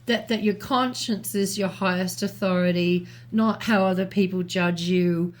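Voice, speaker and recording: A woman co-hosting a talk show, reasoning aloud in a thoughtful, measured way with small restarts. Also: mid-range voice, steady tone. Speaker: podcast co-host. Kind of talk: reflective conversational commentary.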